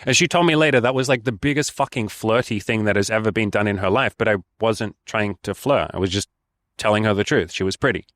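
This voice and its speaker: A man's voice: on the low side, fast, a bit bright, no echo. A young man giving frank dating advice in a casual vlog. He is blunt, swears freely and acts out bits of dialogue. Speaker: dating coach.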